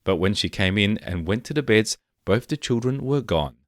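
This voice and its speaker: Deep-voiced male fairy-tale narrator. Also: lively intonation, normal speed, no echo, clean studio sound. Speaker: storyteller.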